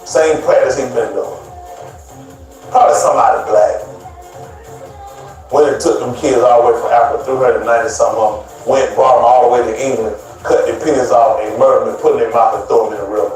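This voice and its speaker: A man's voice: medium pitch, steady tone, fast, darkish tone. A man preaching a sermon in an emphatic, repetitive way, speaking straight to his listeners. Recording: very echoey, distant mic, faint music.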